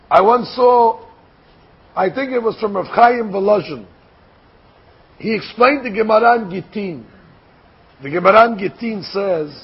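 Older man, gravelly high voice, Torah lesson, deliberate, rhetorical questions. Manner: deliberate, explanatory, asks and answers rhetorical questions. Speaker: Torah teacher. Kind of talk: Torah lecture. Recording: dull lo-fi recording.

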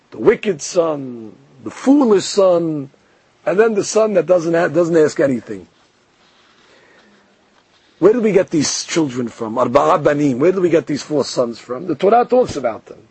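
A man giving a lively Torah lesson, explaining verses, quoting Hebrew phrases and often repeating words. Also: a little high, slightly rough, dry recording.

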